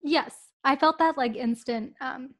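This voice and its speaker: A woman's voice: high voice, measured pace, fairly bright tone. A woman in her twenties co-hosting a podcast, chatting casually, giggly and earnest. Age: 20s. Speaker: podcast co-host. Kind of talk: casual chat.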